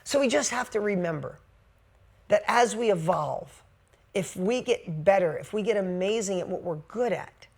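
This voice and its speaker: A woman's voice: medium pitch, animated, normal speed, gravelly, a little mellow. A woman business coach telling a candid story to her coaching group, speaking bluntly and swearing casually.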